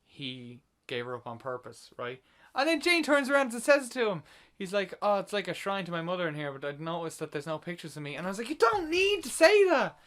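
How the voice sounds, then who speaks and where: Male podcast co-host, a bit high-pitched, animated casual movie-review ranter. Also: fast. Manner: animated retelling, swears when ranting.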